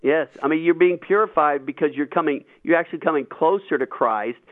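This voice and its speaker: A man hosting a radio talk show, explaining Bible passages in an animated, emphatic way. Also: fairly high pitch, brisk, dry recording. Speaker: radio host. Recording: tinny phone-like line, dry.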